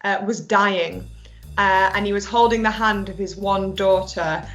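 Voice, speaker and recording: A woman's voice: medium pitch, steady tone, unhurried, a bit bright, faint music behind. A woman telling an improvised comic story in a playful way.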